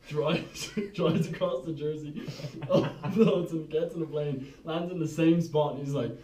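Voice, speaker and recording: A man's voice: a little high, unhurried, few pauses, dark tone. A man co-hosting a podcast, telling a rambling, sweary anecdote full of "right?" asides. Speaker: podcast co-host. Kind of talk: casual chat, storytelling. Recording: echoey room, mic far off.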